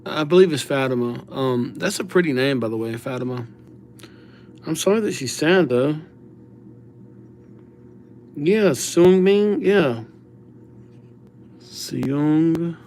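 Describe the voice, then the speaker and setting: A man talks slowly and casually on a live stream, reading names aloud as he writes them. He keeps up a loose, chatty patter and thanks his subscribers by name. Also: on the high side, animated, a little mellow, a little hiss or hum. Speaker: livestreamer writing viewers' names.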